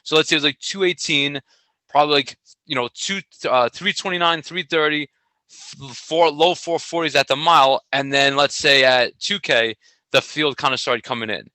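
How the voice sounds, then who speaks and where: A middle-aged man co-hosting a casual podcast, telling a story in an animated way and laughing often. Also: on the high side, normal speed, dry recording, rough recording. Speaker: podcast co-host, track coach. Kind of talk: casual chat.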